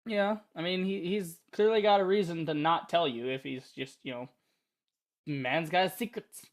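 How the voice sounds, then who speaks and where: A young man reading and commenting on a story game, casual and excitable, swearing freely and reacting loudly. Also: on the high side, normal speed. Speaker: gaming YouTuber. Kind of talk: let's-play commentary.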